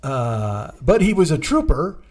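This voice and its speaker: A man's voice: a little high, big pitch swings, a little slow. A man in his forties, a comedian hosting his own show, telling a long, rambling, profane story in a casual, exasperated way. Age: 40s. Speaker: comedian podcast host.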